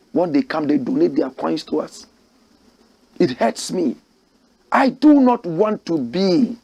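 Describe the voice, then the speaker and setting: A man's voice: high-pitched, gravelly, slightly rough. A Ghanaian man hosting a political commentary show, preaching in rhetorical, outraged bursts. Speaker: host.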